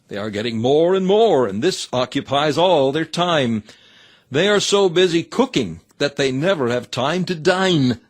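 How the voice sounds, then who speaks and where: A man's voice: a little high, animated, a little slow. A man reading a sermon aloud in an earnest, exhorting manner with old-fashioned scriptural phrasing. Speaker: reader of a sermon.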